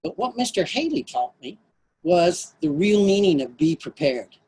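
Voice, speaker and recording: A man telling a personal story at a storytelling event, animated and shifting his voice for effect. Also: high-pitched, moderate pace, husky. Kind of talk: live storytelling performance.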